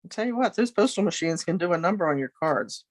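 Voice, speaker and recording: A woman's voice: on the low side, lively intonation, quick pace, no room sound. A middle-aged woman giving a casual craft tutorial from her home studio, chatting and thinking aloud as she works. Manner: chatty, friendly asides, thinks aloud while working. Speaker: crafting demonstrator.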